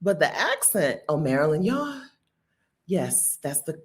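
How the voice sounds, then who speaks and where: A woman's voice: low voice, sing-song, measured pace. A woman hosting a casual livestream, chatty and playful, laughing often and answering viewer comments. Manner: chatty with many asides and restarts. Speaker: livestream host.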